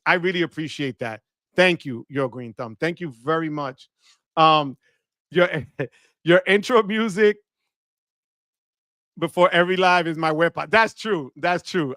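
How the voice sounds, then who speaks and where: Bright, high-voiced excited stream host. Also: male voice, dry recording, studio quality. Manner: enthusiastic, shouts "wepa" often. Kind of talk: live stream super chat shout-outs.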